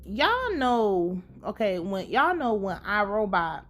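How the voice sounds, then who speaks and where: A woman's voice: medium pitch, takes it slowly, slight background noise. A young woman giving a casual, profane, laughing recap of a TV episode. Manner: animated, profane, laughing running commentary. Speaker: TV recap host.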